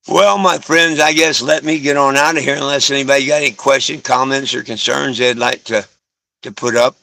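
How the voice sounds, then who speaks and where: A man's voice: steady tone, a little fast, creaky. A man chatting casually on a live stream from home, talking to viewers and cooing at his dogs. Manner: coos softly at his dogs in a lower voice.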